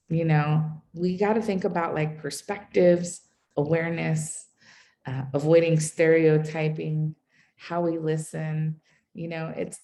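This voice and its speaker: A woman's voice: low-pitched, creaky, darkish tone. A woman counselor giving a casual webinar presentation, chatty and loose, with many fillers.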